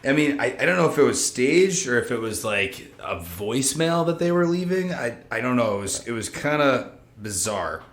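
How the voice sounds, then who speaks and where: A man's voice: medium pitch, very animated, normal speed, hardly any pauses, a bit bright. A man co-hosting a podcast, chatting loosely with profanity and jokes. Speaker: podcast co-host. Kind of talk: casual chat.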